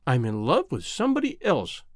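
A man reading a storybook, voicing a proud young woman who gently turns down a suitor in a lightly reproving way. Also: medium pitch, wildly swooping pitch, a little fast, dry recording, clean studio sound. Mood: gentle. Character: proud, teasing young woman being courted.

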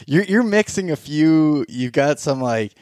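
A man's voice: on the high side, animated, unhurried, darkish tone, clean tone, no echo, studio quality. A man hosting a hunting podcast in a casual, rambling way, with fillers and restarts. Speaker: podcast host.

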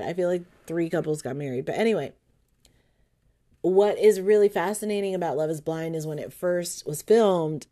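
A woman's voice: deep voice, a little mellow. A woman hosting her podcast, rambling and swearing freely in a casual monologue. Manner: profane, rambling, chatty. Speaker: podcast host.

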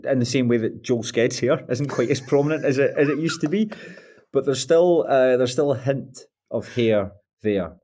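A man co-hosting a casual podcast, talking haltingly with many restarts. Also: mid-range voice, mellow. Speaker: podcast co-host.

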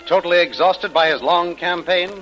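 A man's voice: sits high, normal speed, fairly bright tone, rough recording. A man narrating an old radio drama in an earnest, announcer-like way. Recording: old radio broadcast with music bed.

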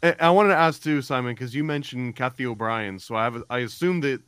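A man's voice: mid-range voice, brisk, a bit bright, clean tone, no room sound. A man hosting a podcast interview, asking long rambling questions full of fillers. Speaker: podcast host.

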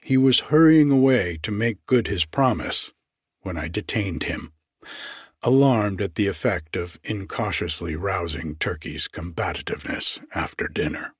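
A man narrates classic fiction in a slow, deliberate, formal cadence. His voice sits low and husky. The sound is close and dry. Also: dry recording. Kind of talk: audiobook reading of classic fiction.

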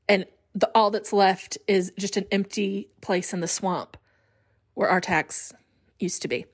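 Chatty woman podcast host in her forties. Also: mid-range voice. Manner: chatty, animated, laughs often. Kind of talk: solo podcast chat.

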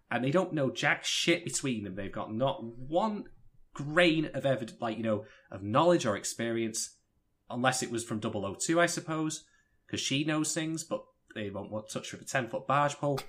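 A man co-hosting a podcast, giving opinionated, animated views in casual anime review chat. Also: mid-range voice. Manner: opinionated, animated, emphatic rises. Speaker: podcast co-host.

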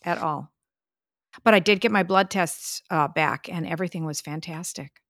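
An older woman talks with her daughter in a relaxed podcast chat, her voice low-pitched with a gravelly edge. She tells stories in a chatty, exclaiming way. The sound is close and dry. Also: normal speed, dry recording. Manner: chatty storyteller, exclaims, laughs. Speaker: podcast co-host, mother. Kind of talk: casual family chat.

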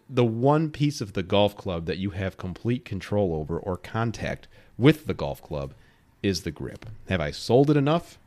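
Late-30s guy doing a solo podcast, kinda low voice, really lively, pushy and chatty with listeners. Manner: emphatic, animated, addresses listeners directly. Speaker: podcast host.

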